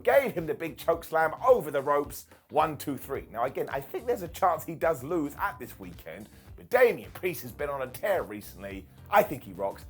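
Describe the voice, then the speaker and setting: A British man casually reviewing a wrestling show as its regular host, joking and putting on quick mock voices. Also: fairly high pitch, slightly rough. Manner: animated, jokey, mock voices for quotes.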